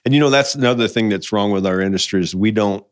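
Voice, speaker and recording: Low-voiced mining guy, folksy storyteller, casual chat. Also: quick pace. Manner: folksy storyteller, quotes people in conversation. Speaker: mining guest. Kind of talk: casual podcast conversation.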